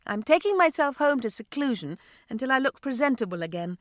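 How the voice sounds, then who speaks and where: A woman's voice: high-pitched, sing-song, brisk, no room sound, studio quality, voice pushed up. A woman voicing a cheerful, playful older woman friend with a breezy manner. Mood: jolly.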